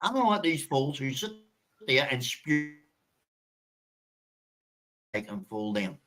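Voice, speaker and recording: Slow, swinging profane ranting man. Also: medium pitch, big pitch swings. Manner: profane, threatening, insulting. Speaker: ranting video poster. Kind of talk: angry monologue.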